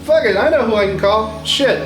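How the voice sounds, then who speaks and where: A man's voice: high voice, normal speed. Manic, giddy man in an echoey room. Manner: manic, giddy, swearing, laughing. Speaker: album review host. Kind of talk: comedic sketch rant. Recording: echoey room with music playing.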